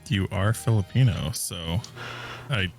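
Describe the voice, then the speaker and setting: A man giving quiet, low-key replies in a casual chat. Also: a little slow, soft background music.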